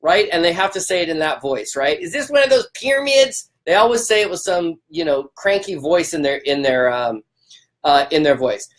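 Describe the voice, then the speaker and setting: A man's voice: on the high side, normal speed. A man hosting a live stream, fired up and emphatic. He repeats himself for emphasis and greets viewers by name. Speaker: livestream host.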